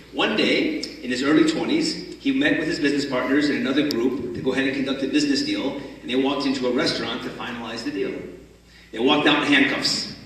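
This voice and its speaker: Guy telling a story at a conference, lively, really echoey hall, mic kinda far off. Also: mid-range voice. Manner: animated storyteller, acts out the characters. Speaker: speaker at a religious conference. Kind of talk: storytelling talk.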